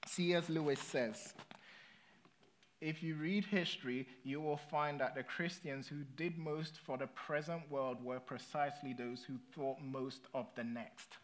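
A man's voice: fairly high pitch, steady tone, a little slow, slight background noise. A British man preaching a sermon in a conversational way, often checking in with his listeners. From Britain. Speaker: pastor.

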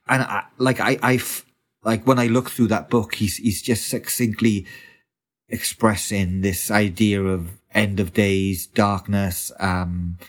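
Brief: male interview guest, slightly low voice, passionate, full of fillers and restarts. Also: steady tone, slow pace. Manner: enthusiastic, stumbling restarts, many fillers. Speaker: photographer guest. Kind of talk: conversational interview.

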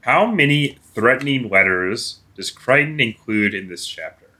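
A man's voice: medium pitch, lively intonation, moderate pace, pushed and bright. A man co-hosting a podcast, asking quiz questions in a casual, teasing way and laughing often. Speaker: podcast co-host, quizmaster.

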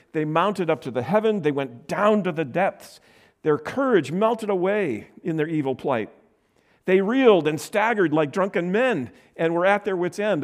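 A man giving an earnest, conversational Bible teaching, reading scripture aloud and asking the listeners rhetorical questions. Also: fairly high pitch.

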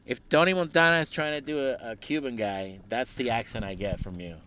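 A man's voice: mid-range voice, fairly quick, clean tone. A man chatting casually as a podcast guest, joking and slipping into playful voices. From Miami area. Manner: animated, jokey, slips into playful Spanish voices. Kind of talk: casual chat.

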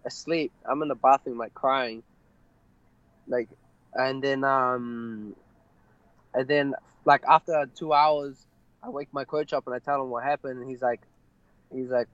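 A young fighter tells his story in an interview, stopping and restarting often with fillers. His voice sits at an everyday middle pitch. The recording is dry and a bit dull, with no room sound. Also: steady tone, a bit bright, dry recording. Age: young adult. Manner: halting, many fillers and restarts. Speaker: MMA fighter guest.

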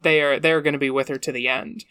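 A podcast co-host describing a character's backstory in a relaxed, blunt way with casual swearing. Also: medium pitch, quick pace, clear, resonant tone, no echo, studio quality. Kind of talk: casual tabletop character-building chat.

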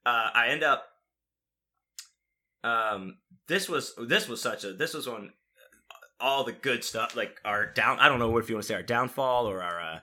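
Bright-voiced rambling man telling stories. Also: mid-range voice, moderate pace, pauses often. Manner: rambling, profane, filler-heavy storytelling. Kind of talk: casual storytelling chat.

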